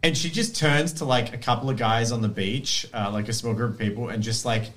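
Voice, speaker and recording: A man narrating a tabletop game as game master, chatty and playful, quick to laugh. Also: mid-range voice, fairly bright tone.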